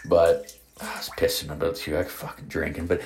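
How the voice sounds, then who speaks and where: A man's voice: extremely low pitch, little pitch movement, a little fast, slightly rough. A man from Canada hosting a solo podcast, telling a story in a rambling, heavily profane way, full of "like" and restarts. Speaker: podcast host.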